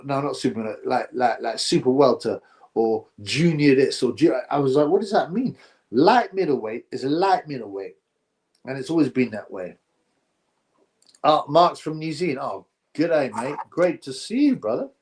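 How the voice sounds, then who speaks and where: A man's voice: medium pitch, a little mellow. A man hosting a casual live boxing stream, reading viewer comments aloud and giving blunt, opinionated, rambling takes.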